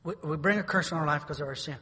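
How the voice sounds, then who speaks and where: A middle-aged pastor preaching a sermon, building to sudden shouted climaxes. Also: male voice, fairly high pitch, rapid-fire, slightly rough. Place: church sanctuary. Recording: reverberant church sanctuary.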